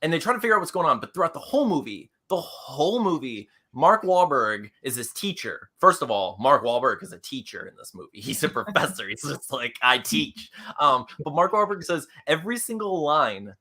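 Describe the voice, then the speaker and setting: Bright-voiced excitable young man. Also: fairly high pitch, fairly quick, hardly any pauses. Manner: excitable, rambling, laughs often. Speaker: co-host of a comics show. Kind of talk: live-stream banter.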